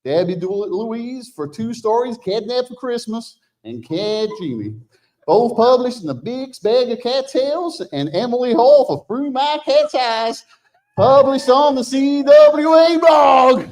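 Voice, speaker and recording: A man's voice: very high-pitched, expressive, a little slow, a little mellow, voice pushed up, exaggerated voice. A man doing an exaggerated put-on Texan accent as a hammy, drawling awards announcer who whoops between names. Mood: hammy, whooping. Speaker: awards presenter.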